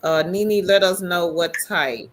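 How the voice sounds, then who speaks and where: A woman's voice: lowish voice, measured pace, slight background noise. A woman co-hosting a casual livestream, chatty as she greets viewers and reads their comments aloud. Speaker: livestream co-host. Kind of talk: casual live chat.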